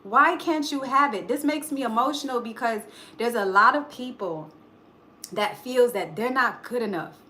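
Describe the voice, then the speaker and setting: A woman with a bright, fairly high voice gives a live tarot reading. She speaks emphatically, like a preacher, and swears casually. Faint noise hums behind her. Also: moderate pace. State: choked up. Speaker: tarot reader.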